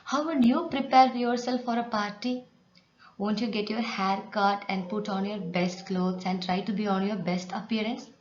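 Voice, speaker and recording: A woman's voice: medium pitch, fairly even intonation, moderate pace. A woman teacher reading a story aloud and patiently explaining words to students with examples. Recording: echoey room, dull sound, faint hiss.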